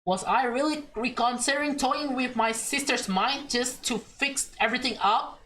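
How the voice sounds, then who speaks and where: A woman's voice: sits high, fairly bright tone, a little hiss or hum, rough recording. A young woman reading a visual novel aloud and reacting emotionally as she plays. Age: young adult. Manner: emotional, chatty, slow reading. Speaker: let's play streamer.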